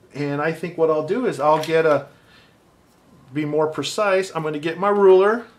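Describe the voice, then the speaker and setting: A man teaching a step-by-step drawing lesson, calmly thinking aloud as he measures and marks lines. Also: fairly high pitch. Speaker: art teacher.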